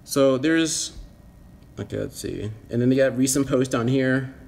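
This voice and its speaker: A man's voice: mid-range voice, measured pace, vocal fry, darkish tone. Blunt, swearing American man ranting. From United States. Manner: profane, blunt and rambling, swears constantly. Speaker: vlogger. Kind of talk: casual opinion rant to camera.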